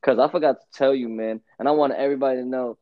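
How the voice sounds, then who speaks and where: A man's voice: medium pitch, fairly even intonation, rapid-fire, no echo, phone-quality sound. A man from New York with a New York accent, co-hosting a podcast in loose, slangy, rambling chat that repeats itself. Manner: rambling, slangy, repeats himself, laughs often. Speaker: podcast co-host. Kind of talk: casual chat.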